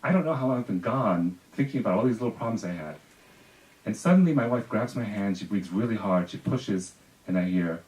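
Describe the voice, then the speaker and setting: A man from Spain telling a personal story live on stage, wry and self-deprecating with quick asides. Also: fairly low pitch, expressive, a little mellow, dull audio. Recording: echoey room, distant mic, faint noise.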